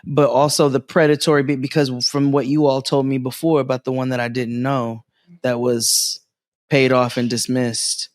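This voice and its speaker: A man with a middle-pitched voice, recorded close and dry with no room sound. He tells stories in casual podcast chat, slips into voices for the people he quotes and laughs often. His delivery is lively. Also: moderate pace, no echo. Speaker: podcast co-host.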